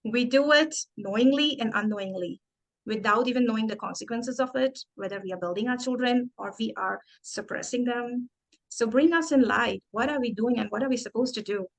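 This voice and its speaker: A woman's voice: on the high side, a little fast, gravelly, low-quality recording. A woman hosting an interview, introducing her guest and giving brief affirming replies. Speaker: interview host. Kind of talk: scripted interview host.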